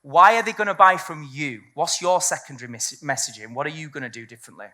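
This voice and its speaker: In an event room before a live audience, a woman gives a business seminar in a low-pitched, fast, bright, forceful voice. She is blunt and candid, swearing freely as she speaks.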